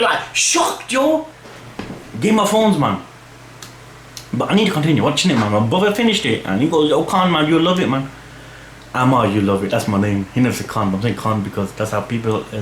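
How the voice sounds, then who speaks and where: A man's voice: fairly high pitch, a bit bright. Young dude rambling at his webcam, lots of slang, echoey room with a faint hum. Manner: slangy, rambling, full of "fam" and "you know what I mean". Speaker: channel host answering fan questions. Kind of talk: casual chat.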